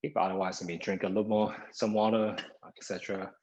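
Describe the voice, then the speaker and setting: Man, exercise instructor, lowish voice, a bit winded, "okay" before each cue, video call. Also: level tone, fast, darkish tone, muffled recording. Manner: begins most cues with "okay", counts down seconds. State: somewhat out of breath. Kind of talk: live online exercise class instruction. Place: home via video call. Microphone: video call microphone.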